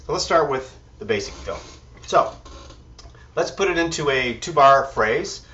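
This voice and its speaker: Relaxed and thinking out loud, a male drum teacher counts the beats as he demonstrates in a drum kit room. He speaks at a measured pace in a voice on the high side, captured by a distant mic that sounds dull under loud drums and music.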